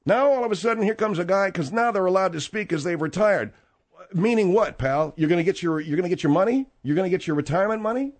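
A man's voice: sits high, expressive, quick pace. Combative, rambling male talk radio host.

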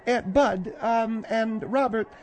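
A man puts on a fussy, prim middle-aged woman with a very high voice. She talks haltingly and takes offense easily. It plays like a comedy radio sketch.

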